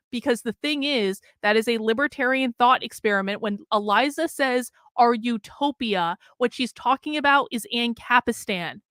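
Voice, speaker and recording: A woman's voice: fairly high pitch, bright, forceful tone, dry recording. Fired-up woman ranting, blunt and profane. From New England. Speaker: political commentator. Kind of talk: heated commentary rant.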